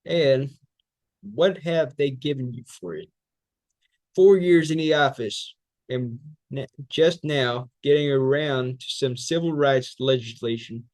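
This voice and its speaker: Man, mid-pitched, delivering a recited speech with fiery rhetorical repetition; dry sound. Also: slow, a little mellow, no echo. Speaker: public speaking student. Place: speech training class.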